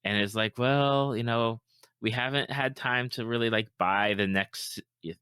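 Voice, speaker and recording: A middle-aged man hosting a podcast in casual chat, animated and quick to laugh. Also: on the low side, clear, resonant tone, no room sound, studio quality. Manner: laughs easily, animated storytelling. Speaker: podcast host.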